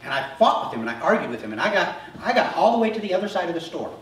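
A middle-aged male pastor preaching a sermon, telling self-deprecating stories in an animated way. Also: high voice, very fast, a little hiss or hum. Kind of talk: sermon with humorous personal stories. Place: church sanctuary. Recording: echoey hall, mic from far off.

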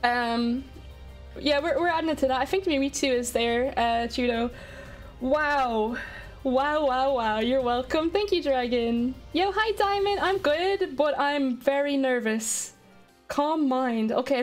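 A woman streams a game live, her voice sitting high as she chats excitedly with viewers. She talks fast and reacts to everything on screen. Faint music plays underneath. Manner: excitable, chatty, talking to chat.

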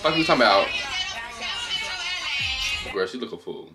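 Man, reaction vlogger, animated profane gossip, swooping lively pitch, music playing behind. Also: normal speed, over a noisy crowd. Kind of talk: casual reaction commentary. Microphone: camera on a tripod.

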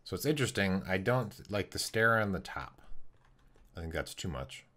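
A man streaming a building game, thinking aloud in a casual, halting way with many pauses. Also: deep voice, sing-song, bright, forceful tone. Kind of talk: casual live-stream commentary while building.

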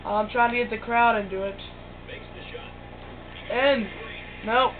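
A teenage boy playing a basketball video game and calling out the plays in an excitable way. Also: very high voice, takes it slowly. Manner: excitable play-by-play calls. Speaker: gaming commentator. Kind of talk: casual gameplay commentary. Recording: tinny phone-like sound with clear noise.

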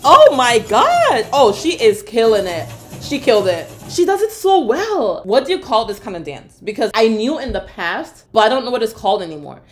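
Lively, excitable young woman reacting. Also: fairly high pitch. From Canada. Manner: excitable, exclamatory, laughs often. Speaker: reaction vlogger. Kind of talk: casual reaction commentary.

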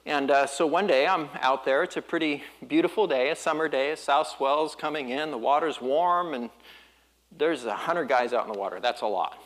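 Laid-back storytelling male pastor, higher voice. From Southern California. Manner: relaxed storytelling with quick laughs; colloquial surfer slang. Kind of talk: sermon.

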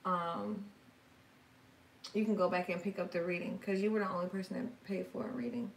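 A woman's voice: fairly low pitch, flat delivery, normal speed, recorded from a distance, slight background noise. Woman, tarot stream host, loose and slangy, reads chat aloud; set back from the mic in a roomy space with faint ambience. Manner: chatty, reads viewer comments aloud and answers them; frank and slangy, swears now and then. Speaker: tarot reader hosting a live stream. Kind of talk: casual live-stream chat.

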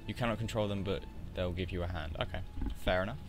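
A man's voice: deep voice, fast, hardly any pauses, music in the background. A man, talking casually and rambling through asides while commenting on a video game. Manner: rambling, chatty asides, mild grumbling. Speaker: let's play commentator.

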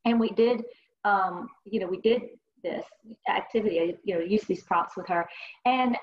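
A woman's voice: mid-range voice, normal speed. Earnest woman counselor on a lo-fi call. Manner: earnest, conversational, many fillers. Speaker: counselor presenting to counseling students. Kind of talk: online presentation with client stories. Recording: dull lo-fi online call audio.

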